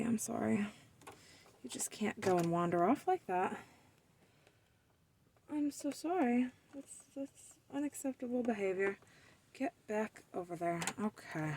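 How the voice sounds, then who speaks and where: A woman's voice: medium pitch, animated, measured pace, long pauses, background noise. A woman hosting a DIY sewing tutorial, chatting casually to herself and the fabric as she sews at her machine, playfully scolding it.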